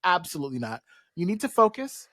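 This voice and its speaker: A podcast host giving a casual, animated and sassy recap full of slang and quick asides. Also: medium pitch, no room sound, clean studio sound. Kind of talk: casual recap of a cartoon episode.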